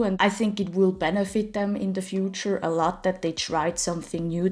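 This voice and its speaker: Excitable slangy woman reacting. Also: mid-range voice. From Switzerland. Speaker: dancer reacting to performances. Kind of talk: reaction video commentary.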